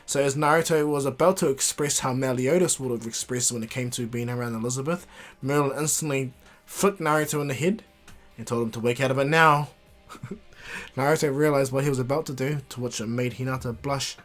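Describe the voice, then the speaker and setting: A man's voice: mid-range voice, a little fast, fairly bright tone, faint music behind. A man casually improvising a fan story, rambling with fillers and restarts.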